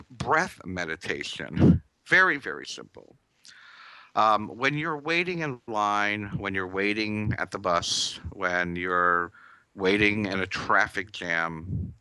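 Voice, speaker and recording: A man teaching a meditation class, talking in a calm, instructive way and drawing out his words. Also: low-pitched, no room sound.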